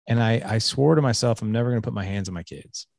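A man's voice: on the low side, fast, creaky, darkish tone, dry recording, studio quality. A man in his forties, a podcast guest, earnestly telling a personal story in a candid, confessional way. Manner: earnest, confessional, with frequent restarts and "like".

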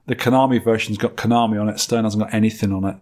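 A man's voice: fairly low pitch, steady tone, fast talker, a little mellow. A man hosting a casual podcast, quizzing his co-host with teasing remarks and reading out listener mail. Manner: teasing quizmaster, reads listener mail aloud.

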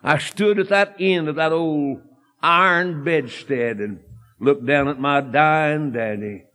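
A man preaching a fervent, folksy sermon and telling a story that builds to shouted emphasis. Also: a little high, slow. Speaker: evangelist preacher.

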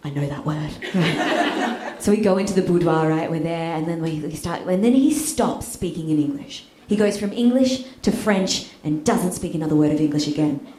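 A woman's voice: lowish voice, normal speed, a little mellow. A woman doing a bawdy stand-up comedy set, telling a story and laughing through her lines. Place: comedy club stage with audience. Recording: echoey club room, audience noise.

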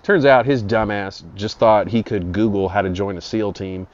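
A man with a very low voice spins a rambling, foul-mouthed comic tale in an improvised monologue. The recording sounds dull and lo-fi. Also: fairly even intonation, normal speed. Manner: crude, profane, rambling. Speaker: storyteller. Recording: dull lo-fi audio.

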